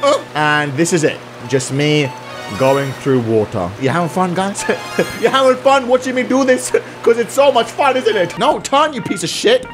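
A young man giving loud, swearing let's-play commentary, breaking into excited shouts. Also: sits high, normal speed. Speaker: gaming YouTuber. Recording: game music behind the voice.

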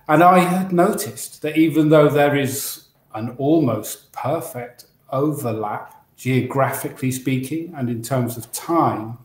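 A man from England co-hosting a casual chat show, enthusiastic and rambling, with many restarts. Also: mid-range voice. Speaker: podcast co-host. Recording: roomy echo.

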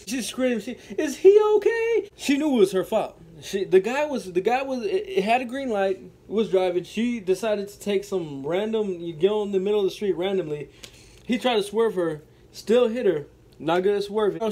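A man's voice: sits high, darkish tone. A man telling a story-time monologue to his viewers, dramatic and repetitive, who keeps calling them folks. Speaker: storytelling vlogger.

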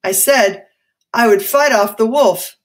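A woman's voice: on the low side, normal speed, natural voice. A woman voicing a shy, timid schoolgirl who answers hesitantly.

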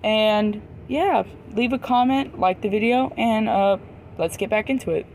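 A woman co-hosting as the channel's editor in casual chat, excited and talkative, filling her speech with "like". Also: mid-range voice, measured pace, slight background noise, poor audio. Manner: excited, chatty, heavy use of "like". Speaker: video editor and co-host.

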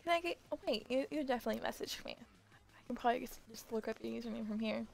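A young woman with a high, gravelly voice hosts a livestream, talking fast in casual chat while running giveaways. She's excitable, gasping and laughing, and squeals whenever someone thanks her. Her throat is sore from all the screeching.

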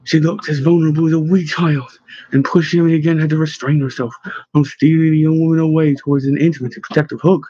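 Man narrating with a husky voice. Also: on the high side, level tone, quick pace, dark tone, no echo. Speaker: audiobook narrator. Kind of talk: scripted narration. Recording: slightly dull, dry recording.

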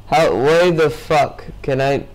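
Slow-talking, sleepy young gamer guy. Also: fairly high pitch, fairly even intonation, rough recording. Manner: swearing, rambling, talking to himself. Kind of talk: casual gameplay commentary.

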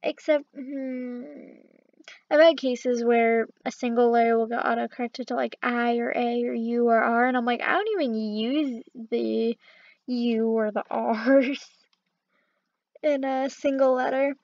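High-voiced giggly woman, slow and dry. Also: fairly even intonation, a little mellow, no echo, lo-fi sound. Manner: giggly, laughs often while talking. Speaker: vlogger. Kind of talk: casual commentary reading funny text messages.

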